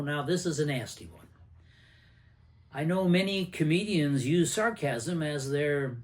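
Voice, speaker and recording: Older male host, slightly high voice, casual teaching style with acted-out anecdotes. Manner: conversational, with anecdotes and acted-out quotes. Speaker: host and anger management teacher. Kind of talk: casual teaching talk to camera.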